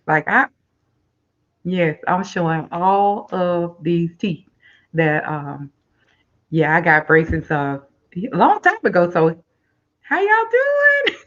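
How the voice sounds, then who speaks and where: A woman's voice: fairly low pitch, a bit bright, muffled recording. A woman hosting a live-stream talk show, chatty and upbeat, speaking straight to her viewers.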